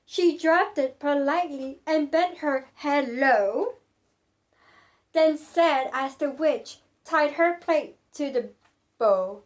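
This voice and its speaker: A woman reading a picture book aloud to children in an expressive, sing-song way. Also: high-pitched, slow pace. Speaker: children's storyteller.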